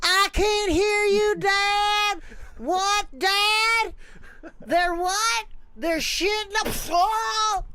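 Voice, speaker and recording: Picture a frantic young boy deer from a cartoon, shrieking for his dad in a shrill, high, yelling voice. The pitch sits far above an adult man's. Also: steady tone, extremely slow, background noise, exaggerated voice. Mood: shrill confused.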